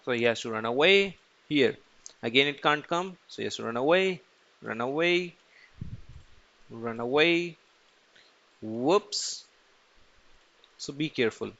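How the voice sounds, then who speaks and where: A man's voice: medium pitch, lively intonation, a little slow, pauses often, sharp tone, muffled recording. A man teaching chess in a casual screen-recorded tutorial, asking and answering his own questions as he goes.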